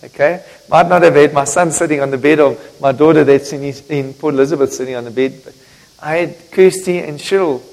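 Middle-aged pastor, fairly high voice, candid and emotional, church reverb. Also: male voice, brisk, creaky, darkish tone. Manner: candid, emotional, repeats himself. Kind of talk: sermon. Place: church sanctuary.

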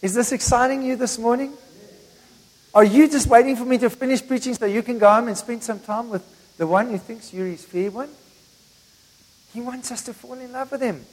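Speaking at a normal pace, a middle-aged male pastor with a fairly high voice gives his congregation a relaxed, conversational sermon sprinkled with personal anecdotes. His words ring out with the lengthy echo of a church hall.

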